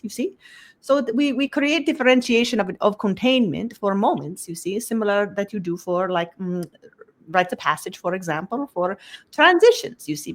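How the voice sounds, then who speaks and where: Woman channeling, tagging nearly every phrase. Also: lowish voice. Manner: ends nearly every phrase with a tag question; halting, repeats words as she searches for them. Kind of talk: channeled spiritual talk.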